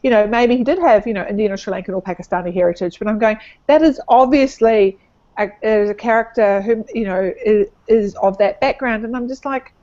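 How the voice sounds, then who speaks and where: A woman, talking animatedly in a casual book club discussion. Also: fairly quick. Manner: animated, rising pitch when making a point. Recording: dull lo-fi sound.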